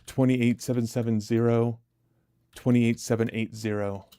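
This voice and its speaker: A man's voice: mid-range voice, flat delivery, measured pace, mellow, smooth, dry recording, studio quality. A man hosting a live trading stream, chatting casually with viewers in a chatty, self-deprecating way and laughing easily.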